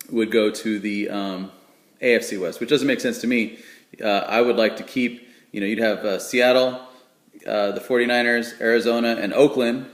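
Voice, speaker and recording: A man casually chatting through sports picks, rambling and joking with many fillers. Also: lowish voice. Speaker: sports vlogger making game picks. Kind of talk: casual chat. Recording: echoey room.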